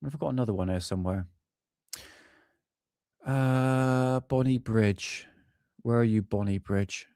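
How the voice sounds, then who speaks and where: A man's voice: medium pitch, slow, long pauses, warm tone, no room sound, clean studio sound. A man hosting a UFO live stream, rambling casually and swearing while he hunts for videos. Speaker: UFO channel host.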